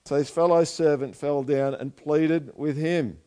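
A man preaching a conversational sermon, asking listeners questions and dropping into quiet asides. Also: on the high side, steady tone, unhurried. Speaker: pastor.

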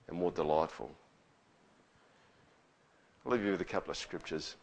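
A man's voice: low voice, brisk, creaky, pauses often, breathy edge. A man preaching a sermon in a conversational way, often checking in with tags like "all right?". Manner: conversational, with frequent rhetorical tags. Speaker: pastor.

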